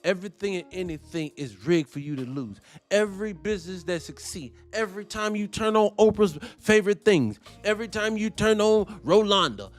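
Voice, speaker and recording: High-pitched male host, preachy and blunt, faint music under him. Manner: preachy, blunt, profane street talk. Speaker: morning show host. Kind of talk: impassioned monologue.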